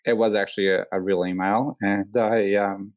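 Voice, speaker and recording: Low-voiced Australian man, rambling tale. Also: normal speed, no room sound, dull audio. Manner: rambling, many fillers, animated quoting. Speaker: hang glider pilot, guest. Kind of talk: casual storytelling interview.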